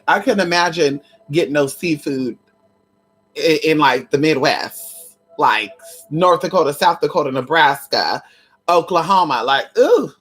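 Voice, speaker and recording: A woman's voice: low-pitched, husky. A woman hosting a casual livestream on conjure, sassy and chatty, calling her viewers honey and girl. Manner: breaks into loud laughs and exclamations. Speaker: livestream host teaching conjure.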